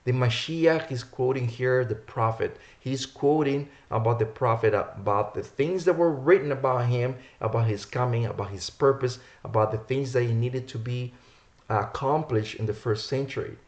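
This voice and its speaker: A man's voice: medium pitch, moderate pace, darkish tone. A man preaching a sermon, reading verses aloud and repeating key words for emphasis. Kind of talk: sermon teaching from scripture.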